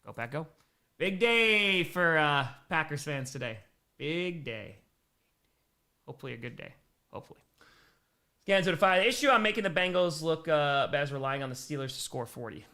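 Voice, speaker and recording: A young man from Wisconsin calls football plays live and reads out chat in an upbeat, chatty way. His voice is bright and forward, and his pitch swings widely. It sits a touch higher than most men's. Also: animated, quick pace. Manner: upbeat, chatty, shouting out viewers between plays. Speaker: streamer doing live play-by-play and reaction. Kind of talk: casual live-stream commentary reading chat.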